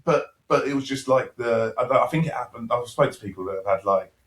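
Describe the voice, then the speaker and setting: A young man, a podcast guest, telling a personal story in a lively, casual way, acting out dialogue and swearing now and then. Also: mid-range voice, brisk. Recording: roomy echo.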